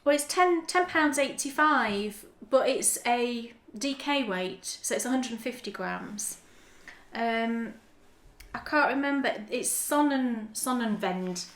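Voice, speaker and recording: A woman's voice: a little high, lively intonation, slow, a bit bright, reverberant. A woman, co-hosting a knitting podcast in easygoing chat, showing off yarn and often restarting her sentences. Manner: chatty, restarts often, shows items to camera. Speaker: podcast co-host.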